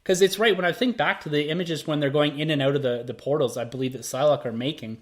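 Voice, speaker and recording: A man's voice: fairly high pitch, quick pace. A man hosting a podcast, leading a casual movie review chat and asking his co-hosts questions. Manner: leads the talk, asks the others questions. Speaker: podcast host.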